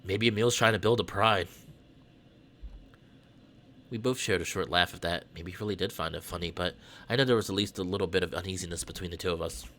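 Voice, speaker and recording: A man voicing a quiet, uneasy young male cat, reading a visual novel aloud in a soft, subdued low voice. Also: a little fast, long pauses, a little hiss or hum. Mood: narrating.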